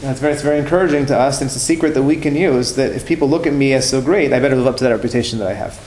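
A man's voice: medium pitch, rapid-fire, darkish tone. Man teaching religious stories, roomy sound. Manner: conversational, repeats and restarts phrases. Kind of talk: telling religious stories in a class. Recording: roomy room with faint noise.

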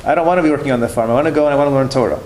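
A man's voice: medium pitch, racing, darkish tone, lightly acted. A man voicing a tearful young man who pleads to be allowed to study, in a story told to a class. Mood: pleading. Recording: roomy room with faint noise.

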